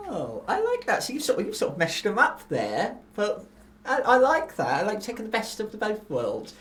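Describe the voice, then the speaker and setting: A woman's voice: mid-range voice, wildly swooping pitch, moderate pace, fairly bright tone. A woman hosting a comedic dating game in a bubbly, gushing way. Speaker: host.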